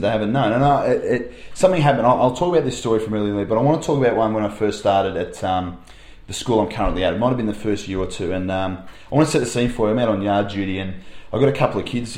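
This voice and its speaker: Australian man, young teacher, quick rambling storyteller, echoey room. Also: on the low side. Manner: rambling, animated storyteller with fillers. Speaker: primary school teacher, podcast co-host. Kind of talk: casual anecdote chat.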